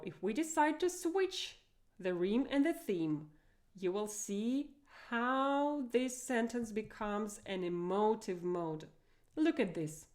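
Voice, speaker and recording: A young Russian woman with a Russian accent, teaching a language lesson with slow, clear explanations and stressed example phrases. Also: fairly high pitch, darkish tone.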